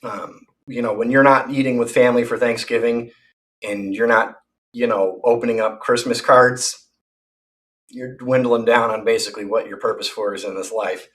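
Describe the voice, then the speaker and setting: A man's voice: mid-range voice, fairly even intonation, normal speed, fairly bright tone, far from the mic. A man delivering an angry, profane rant full of threats and repetitions.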